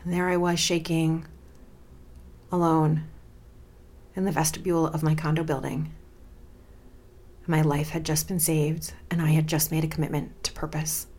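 Expressive woman telling a personal story. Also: low voice, normal speed, pauses often. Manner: dramatic, expressive storytelling, builds intensity. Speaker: podcast host.

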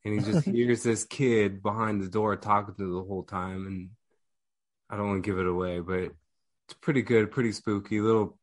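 A man's voice: fairly low pitch, fairly even intonation, moderate pace. A man guesting on a horror podcast, laid-back as he sums up a movie. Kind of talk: casual horror podcast chat.

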